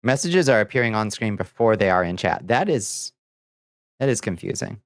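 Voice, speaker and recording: A man's voice: lowish voice, big pitch swings, normal speed, no room sound, studio quality. A man streaming casually, playful and theatrical as he chats with viewers while mixing ingredients. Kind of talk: casual livestream chat.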